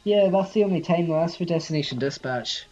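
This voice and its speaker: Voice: medium pitch, animated, brisk, mellow, muffled recording, faint music behind. A streamer chatting casually while playing a building game, reading and answering viewers in chat. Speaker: live-streamer. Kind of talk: casual gameplay live stream.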